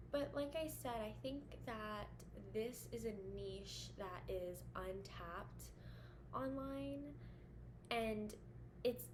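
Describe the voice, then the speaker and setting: Blunt, swearing young woman vlogger. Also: fairly high pitch. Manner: blunt, swears a lot, chatty with many fillers. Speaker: vlogger giving dating advice to women. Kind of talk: casual to-camera rant. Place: indoors at home with air conditioner running. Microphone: camera facing her. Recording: audible background hum at home.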